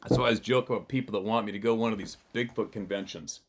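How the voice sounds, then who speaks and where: A man's voice: on the low side, very fast. A man hosting his channel, telling a rambling personal story in a blunt, profane way. He laughs often and keeps restarting his sentences. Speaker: channel host. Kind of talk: casual storytelling monologue.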